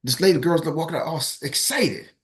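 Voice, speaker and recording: Animated man telling a story. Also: a little high, a little fast. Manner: animated storyteller, acts out quotes in raised voices. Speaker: team coach hosting a morning call. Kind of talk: casual storytelling to a team.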